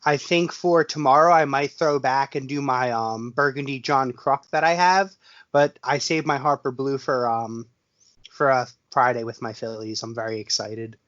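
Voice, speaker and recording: Excitable co-host man, stammering. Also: mid-range voice, normal speed, dull audio. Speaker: podcast co-host. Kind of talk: casual sports podcast chat.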